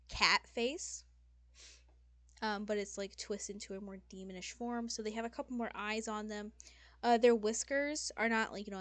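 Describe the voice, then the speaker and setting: A woman's voice: medium pitch, fairly bright tone, dry recording. A young woman narrating as game master, rambling with fillers and corrections as she goes.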